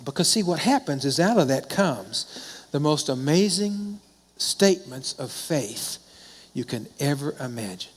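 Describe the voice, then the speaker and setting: Middle-aged male pastor, slightly high voice, chatty storytelling sermon, long church reverb. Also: very animated, measured pace, husky. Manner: conversational storytelling, asks and answers his own questions. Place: church sanctuary.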